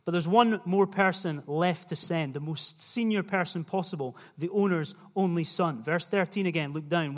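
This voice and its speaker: Preacher in a reverberant hall. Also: male voice, on the high side, moderate pace, hardly any pauses. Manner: conversational, questioning the listeners. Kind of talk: sermon.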